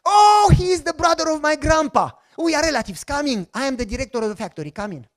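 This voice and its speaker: A man playing a gushing, high-voiced woman factory director. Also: lively intonation, rapid-fire. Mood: delighted. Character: excited middle-aged woman factory director.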